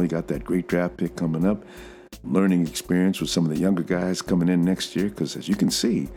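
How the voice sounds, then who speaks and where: Imagine a booming, low-pitched sports fan who sounds smug and sure of himself, as a man puts on the voice. He calls himself a showstopper and the main event, then talks down worried listeners with steady, unhurried calm. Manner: slow, self-assured pep talk. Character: deep-voiced boastful male fellow fan.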